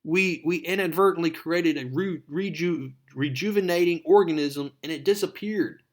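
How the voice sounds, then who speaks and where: A man's voice: fairly high pitch, moderate pace, pitched above the performer's own voice, close to an everyday voice. A man voicing a frantic male scientist who stammers as he pleads to be heard. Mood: pleading.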